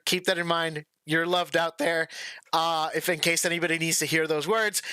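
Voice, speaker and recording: A young man with a high, bright voice chats casually into a close mic on his live stream. He is relaxed and rambling, with easy laughs, and his recording is dry with almost no room sound. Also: no echo. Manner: relaxed and chatty, laughs easily; rambling, with many restarts. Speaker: music arranger hosting a live stream.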